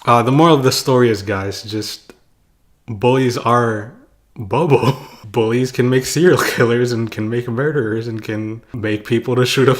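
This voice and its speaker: A young man casually telling a childhood story to his viewers in a loose, rambling way, with lots of "like" and chuckles. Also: medium pitch. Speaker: vlogger.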